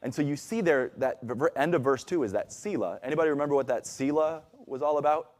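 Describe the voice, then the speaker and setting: A man's voice: on the high side, fast, darkish tone. A man preaching a conversational sermon in a church, acting out the voices he quotes. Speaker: pastor. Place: church sanctuary.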